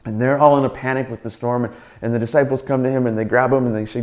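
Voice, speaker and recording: A male pastor preaching a sermon, retelling a story with animated acted-out lines and casual asides. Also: medium pitch, fast. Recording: roomy church sound.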